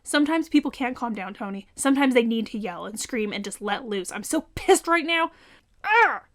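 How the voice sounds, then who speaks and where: A woman reading the lines of a young woman with storm powers who swings between quiet brooding and yelling outbursts. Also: fairly high pitch, fairly quick, lightly acted. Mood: distraught.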